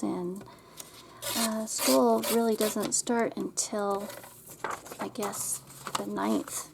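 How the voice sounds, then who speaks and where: A woman's voice: mid-range voice, steady tone, drawn-out words, creaky, long pauses, background noise. A middle-aged woman hosting a craft tutorial, chatting and rambling as she works and muttering to herself over her supplies.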